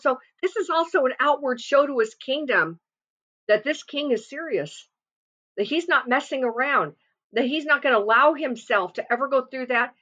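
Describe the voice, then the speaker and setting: A woman's voice: fairly high pitch, fairly bright tone. A woman preaching a sermon, explaining scripture with emphatic, swelling delivery. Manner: emphatic, rising and falling for emphasis. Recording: slightly dull lo-fi sound.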